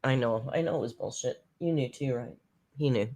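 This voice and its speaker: A casual commentary host talking through a recap at a mid-range pitch. The delivery is chatty and sarcastic, full of mocking asides. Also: moderate pace, dark tone.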